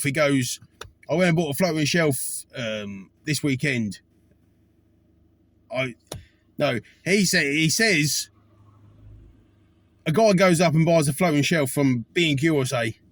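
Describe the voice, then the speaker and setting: A man's voice: on the high side, moderate pace, no room sound. A man, a taxi driver telling rambling stories about his fares, full of fillers and restarts. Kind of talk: casual storytelling to camera.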